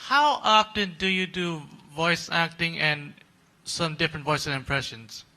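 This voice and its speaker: A male fan stumbles a little as he asks the panel a question. His voice is very bright and slightly high. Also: measured pace, low-quality recording. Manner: hesitant. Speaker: fan asking a question from the audience.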